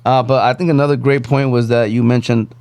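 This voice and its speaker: A man's voice: medium pitch, steady tone, brisk, a little mellow, smooth, dry recording. A man hosting a podcast, talking reflectively in a casual chat with many restarts. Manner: reflective, talks in restarts and "you know". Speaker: podcast host.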